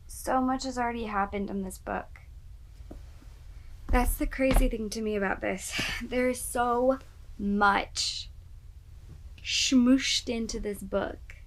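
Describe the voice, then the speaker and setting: Slow-talking, high-voiced woman gushing over a book. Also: steady tone, poor audio. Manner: gushing, exclaims often, drifts into whispers. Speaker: book vlogger. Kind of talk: casual reading reaction.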